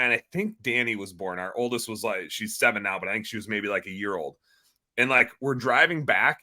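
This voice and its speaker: Excitable guy in his 30s, swears a lot, podcast guest, bright tone. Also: mid-range voice. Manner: energetic, excitable, swears casually. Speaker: guest entrepreneur. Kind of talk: casual podcast conversation.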